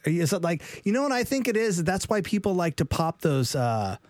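A man's voice: high-pitched, very animated, fairly quick, a little mellow, no echo. A man co-hosting a podcast in casual chat, joking and often restarting his sentences. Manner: jokey, stammering restarts.

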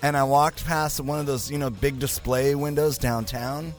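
A male podcast host with a raspy, sick voice from the flu, rambling through self-mocking stories in casual chat. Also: medium pitch, steady tone, normal speed, faint music behind.

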